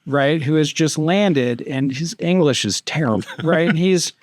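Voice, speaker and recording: A middle-aged man talks as a guest on a podcast, rambling through a story with lots of fillers and restarts. His voice sits a little high for a man and comes across animated. The sound is dry and close, with no room around it. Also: measured pace, dry recording. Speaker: podcast guest, retired army captain. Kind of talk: casual storytelling in conversation.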